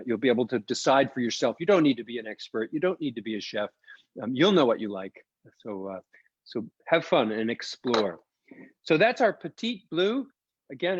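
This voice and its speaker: A man's voice: on the high side, no room sound, muffled recording. A man co-founding a winery, presenting a live online wine tasting in an enthusiastic, chatty way and explaining as he tastes. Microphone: video call.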